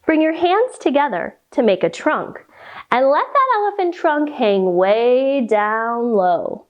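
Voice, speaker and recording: A woman reading a picture book aloud and leading children through yoga poses in a slow, sing-song, animated way. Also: high-pitched, highs cut off. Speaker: kids' yoga teacher reading a story. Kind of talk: storytime yoga lesson for children.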